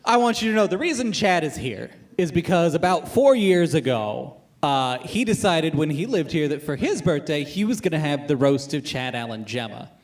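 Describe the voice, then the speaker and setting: A man's voice: on the high side, big pitch swings, normal speed, hardly any pauses. A man hosting a live comedy show, teasing a comedian and hyping the crowd for the next act. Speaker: host. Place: comedy club stage.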